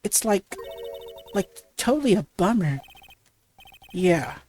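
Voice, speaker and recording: A woman's voice: medium pitch, sing-song, a little mellow, a little hiss or hum. Woman reading as a ditzy valley girl. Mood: airheaded. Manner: halting reading with stutters and restarts; valley-girl filler words.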